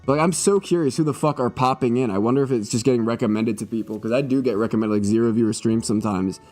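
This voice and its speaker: A man's voice: mid-range voice, quick pace, darkish tone, soft background music. A young man streaming live, joking and swearing in a mock-serious monologue, a little tipsy.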